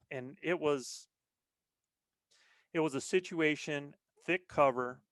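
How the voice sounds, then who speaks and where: A middle-aged man talking in a loose, plainspoken way on a podcast, restarting phrases and dropping in "man" as he goes. His voice sits at an ordinary pitch. The sound is dry, with no room around it. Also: no room sound. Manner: plainspoken, says "man" often, repeats words when restarting. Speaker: guest, elk hunter. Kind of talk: casual podcast conversation.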